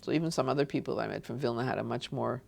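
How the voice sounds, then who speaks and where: A woman's voice: a bass voice, very fast, creaky, a little mellow. A woman from Montreal, an oral history interviewee, reminiscing in a rambling way with frequent restarts and asides. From Montreal, Canada.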